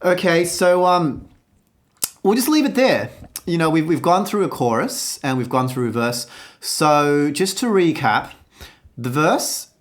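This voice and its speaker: Slow-talking woman vocal coach. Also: low voice, expressive. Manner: explains and demonstrates with sung snippets. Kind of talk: reaction video with singing demos.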